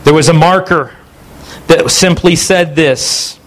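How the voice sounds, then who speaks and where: A man preaching a sermon, telling a martyr's story with earnest, halting delivery and then turning to scripture. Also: fairly high pitch. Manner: earnest, stumbles and restarts while telling.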